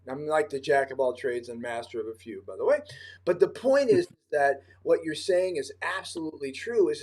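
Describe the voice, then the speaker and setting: A male host with a somewhat high voice leads a casual livestream chat. He speaks emphatically and spins anecdotes. He acts out what others said as he goes. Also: a little mellow. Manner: emphatic, storytelling, acts out quoted dialogue.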